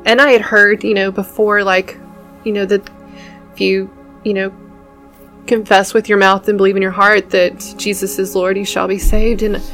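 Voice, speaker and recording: A woman's voice: mid-range voice, level tone, moderate pace, a bit bright. Woman guest, earnest testimony, emotional storytelling, some faint music underneath. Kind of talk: telling her faith testimony.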